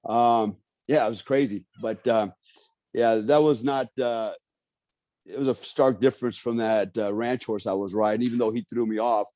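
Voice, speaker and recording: A man with an average-pitched voice spins a profane, animated story and slips into the voices of the people he quotes. The recording is dry and close. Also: normal speed, no echo. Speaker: guest. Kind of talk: casual storytelling.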